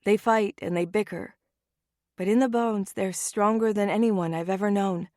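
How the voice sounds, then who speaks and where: A woman's voice: medium pitch, fairly even intonation, moderate pace, a little mellow, dry recording, clean studio sound. Woman narrating a romance audiobook. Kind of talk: first-person romance narration.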